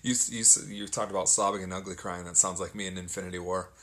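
Low bright-voiced podcast co-host. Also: male voice, fairly even intonation, quick pace, a little hiss or hum. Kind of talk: casual chat.

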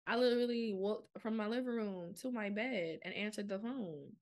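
Speaking at an ordinary speed in a mid-range voice, a young adult woman delivers a candid, casual podcast monologue on her own. She's frank with her listeners and fills her talk with fillers and quoted self-talk.

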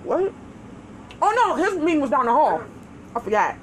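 Animated, high-voiced woman telling stories. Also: moderate pace, a little hiss or hum, rough recording. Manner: animated, profane, laughing storyteller. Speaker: podcast co-host. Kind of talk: casual storytelling chat.

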